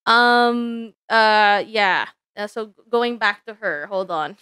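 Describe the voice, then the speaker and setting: Awkward inventor type, hesitant and halting, played by a woman in a lowered voice, slow. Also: sharp tone, clear, resonant tone, no room sound. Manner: hesitant, halting, full of ums. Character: awkward shy scientist who built a robot girl. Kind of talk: live stream role-play.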